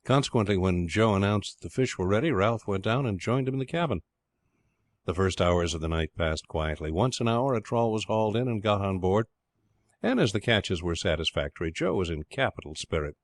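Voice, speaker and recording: Low-voiced male audiobook narrator. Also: no echo. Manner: steady, measured reading. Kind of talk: scripted narration.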